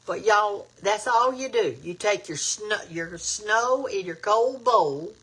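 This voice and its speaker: Chatty husky Alabama woman. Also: mid-range voice, animated, takes it slowly, a bit bright. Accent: Southern US (Alabama). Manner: chatty, greets viewers by name, says y'all. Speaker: cooking show host. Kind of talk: casual livestream cooking chat. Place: home kitchen.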